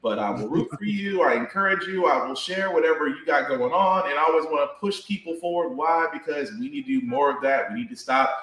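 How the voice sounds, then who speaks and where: A man talking casually as a podcast guest, animated and joking, plugging his shows and giving advice. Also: a little high, fairly quick, few pauses, echoey room, poor audio. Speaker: podcast guest and wrestling columnist.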